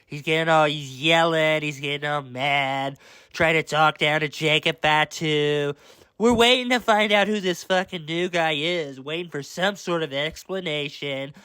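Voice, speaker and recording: A man's voice: a little high, measured pace, sharp tone, clear, resonant tone, no echo. A young man angrily ranting through a review of a wrestling show, swearing and exasperated. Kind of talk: angry rant review.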